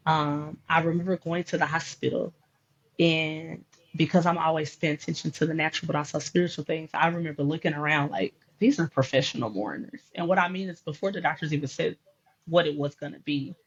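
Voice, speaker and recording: Husky-voiced woman telling a faith story. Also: low voice, brisk, muffled recording. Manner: animated storyteller acting out quoted dialogue. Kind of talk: faith podcast conversation.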